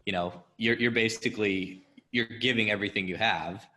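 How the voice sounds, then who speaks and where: A man's voice: on the low side, steady tone, moderate pace, sharp tone. A man hosting a podcast interview, affirming his guest and reflecting back on what he says. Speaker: podcast host. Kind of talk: casual interview talk.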